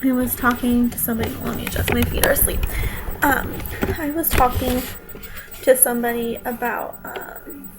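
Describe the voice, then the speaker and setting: A woman's voice: a little high, steady tone, normal speed, heavy background noise. A young woman vlogging from home, talking straight to her viewers in a defensive, emotional rant, close to tears at times. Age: young adult.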